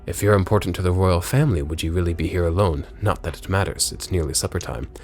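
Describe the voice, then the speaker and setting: A man commenting on a video game as he plays, joking and reading lines aloud, with loud exclamations and low mutters. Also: fast talker, soft background music. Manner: lively, jokey, swings between loud exclamations and low mutters. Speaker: gameplay streamer.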